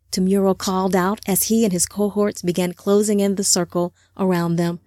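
A woman narrating an audiobook in a steady storytelling manner. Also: lowish voice, normal speed, dry recording, faint music behind.

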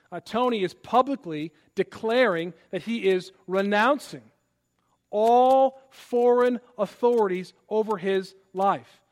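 A man pastor preaching a sermon, from Illinois, earnest and emphatic, often repeating words as he builds a point. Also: high-pitched. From Illinois, USA.

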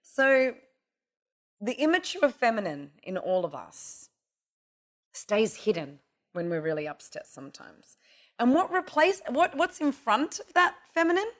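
A middle-aged woman teaching tantra in a casual, profane, animated way, acting out little voices as she talks. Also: fairly high pitch, a little slow. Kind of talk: casual spiritual talk.

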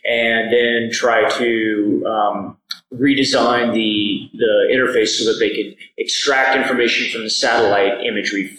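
A man answering interview questions in a measured, explanatory way with many fillers. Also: lowish voice, steady tone, a bit bright. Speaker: guest researcher. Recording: echoey room with faint noise.

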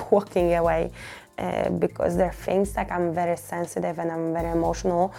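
A woman's voice: on the low side, level tone, normal speed, gravelly, warm tone, faint music behind. A woman, hosting a personal podcast and talking candidly and emotionally, often repeating words as she goes. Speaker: podcast host and fitness coach.

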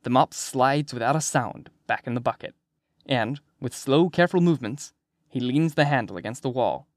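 A man narrating an audiobook in the first person, with steady storytelling and vivid emphasis. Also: mid-range voice, moderate pace, dry recording, studio quality.

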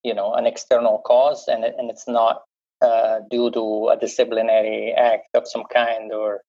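A man with an Italian accent, a panel guest answering in a halting way with many fillers. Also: mid-range voice, monotone, darkish tone, breathy edge, highs cut off.

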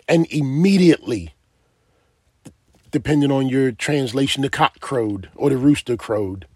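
Slow, husky-voiced male preacher. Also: medium pitch, dry recording, studio quality. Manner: emphatic, asks the listeners direct questions. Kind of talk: sermon.

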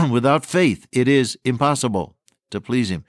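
A man preaching a sermon earnestly and emphatically, slowing down to stress key words and quoting old-fashioned scripture phrasing. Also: medium pitch, sing-song, no echo, clean studio sound.

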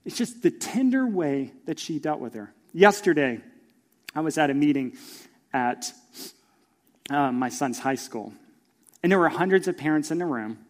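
Middle-aged preacher, fairly high-pitched, storytelling sermon, shifts from hush to loud, long hall reverb. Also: male voice, sing-song, moderate pace, pauses often. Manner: storytelling, acts out voices, swings from hushed to loud. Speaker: pastor.

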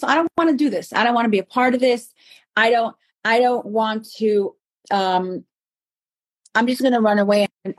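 A woman guest on a podcast, talking in an emphatic, animated storytelling way about faith. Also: fairly high pitch, husky, no echo, rough recording. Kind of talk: passionate podcast conversation.

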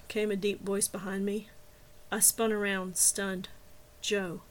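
A woman narrating a story in the first person, steady and even. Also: mid-range voice, moderate pace. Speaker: audiobook narrator.

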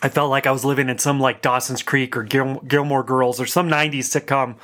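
A man's voice: medium pitch, fairly even intonation, a little fast, a bit bright. A man gives a conversational talk, telling self-deprecating stories with rambling asides. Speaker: speaker giving a talk on life transitions.

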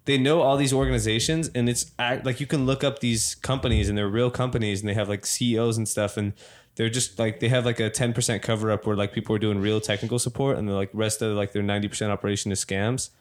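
A man's voice: on the low side, steady tone, quick pace. Young man, casual chat, rambling storyteller, filler-heavy, acts out quoted voices.

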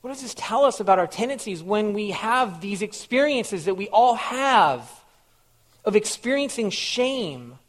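Guy preaching a sermon, kinda high voice, earnest, keeps repeating himself for emphasis. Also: sing-song, measured pace. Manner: earnest, repeats phrases for emphasis, asks the listeners questions. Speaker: pastor.

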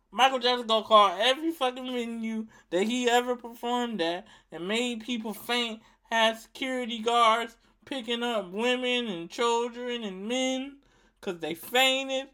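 A man's voice: very high voice, unhurried, sharp tone, clear, resonant tone. A man giving a casual rant to his viewers, emphatic and profane, repeating himself for effect. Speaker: vlogger.

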